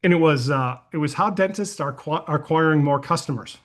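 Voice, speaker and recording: An energetic man hosts a live coaching call and answers attendee questions in a folksy, conversational way. His voice sits a little high for a man, and he talks with loose, friendly enthusiasm. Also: brisk. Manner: energetic and folksy, uses "y'all", tells anecdotes. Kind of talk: casual webinar Q&A.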